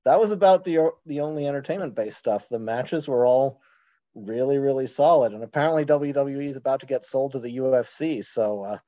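Male podcast guest, wry and talkative, mellow tone, dull lo-fi sound. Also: mid-range voice, dry recording. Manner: chatty, wry, quick asides. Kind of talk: casual podcast chat. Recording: slightly dull lo-fi mic.

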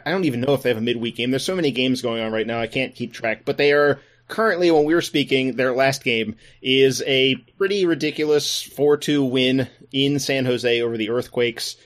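A man hosting a sports podcast, talking casually with wry, deadpan asides. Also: medium pitch, normal speed, hardly any pauses. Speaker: podcast host.

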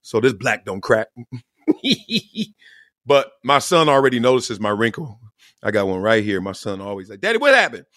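A man's voice: fairly low pitch, a little slow, fairly bright tone, no room sound, studio quality. A middle-aged man hosting a podcast, talking casually and joking, laughing often and acting out quotes in different voices. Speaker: podcast host. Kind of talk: casual comedic monologue.

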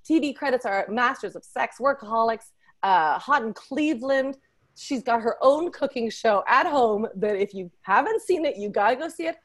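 A woman hosting a podcast, introducing a panel with effusive, excitable energy and playful teasing. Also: a little high, moderate pace. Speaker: podcast host.

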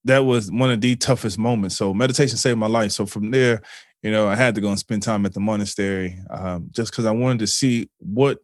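A man's voice: fairly low pitch, steady tone, fairly quick, dry recording, clean studio sound. A man as a podcast guest, telling a personal story in an earnest, emotional way, with swearing, fillers and frequent restarts.

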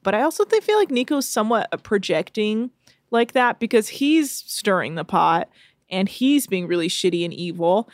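A woman's voice: medium pitch, big pitch swings, moderate pace, no echo, studio quality. A woman co-hosting a podcast, recapping a reality show in a casual, rambling, profane chat. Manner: profane, rambling, puts on silly voices for quotes.

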